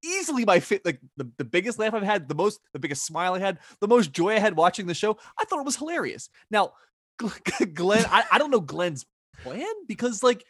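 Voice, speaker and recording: A man's voice: high voice, very animated, brisk, husky, no room sound, clean studio sound. A man co-hosting a TV recap podcast, talking expressively, laughing and mock-quoting characters. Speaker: podcast co-host. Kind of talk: casual podcast chat.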